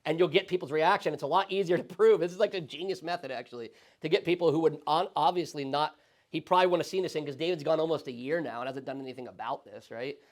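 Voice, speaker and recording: A male pastor teaching a Sunday school Bible study in a conversational, animated way, often checking in with the class. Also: fairly high pitch, fast talker. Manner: conversational, animated, frequent tag questions.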